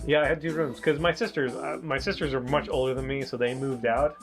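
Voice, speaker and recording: A man co-hosting a review show in casual chat, a rambling and animated storyteller. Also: mid-range voice, a little fast, music in the background.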